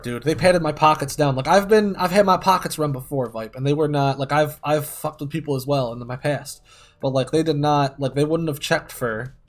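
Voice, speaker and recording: Male streamer, slightly high voice, rambling and profane, casual gaming chat. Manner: rambling, heavily profane, many fillers. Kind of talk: casual storytelling while gaming.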